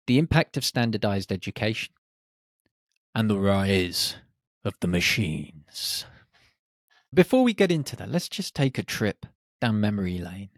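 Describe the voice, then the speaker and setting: Slow, low-voiced man reflecting. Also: very animated, no echo, clean studio sound. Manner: unhurried, speaks in short reflective phrases. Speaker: podcast host. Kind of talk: reflective solo podcast monologue.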